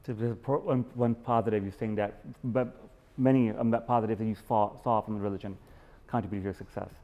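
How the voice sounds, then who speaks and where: A man's voice: on the low side, fairly even intonation, fast, a little mellow. A man hosting a podcast interview, stuttering on some words and restarting as he asks questions. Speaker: podcast host.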